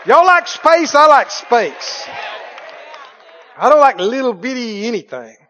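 A man preaching a sermon in a folksy way, dropping to hushed lines and rising to loud exclamations. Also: extremely high pitch, very animated, slow pace, some chatter behind, slight background noise. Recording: dull lo-fi sermon recording.

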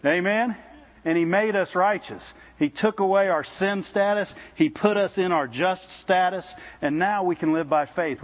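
A man's voice: sits high, dull audio. A man preaching to a congregation as a visiting speaker, talking conversationally with frequent restarts and often calling out "Amen?" to the room. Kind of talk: sermon. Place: church service with congregation.

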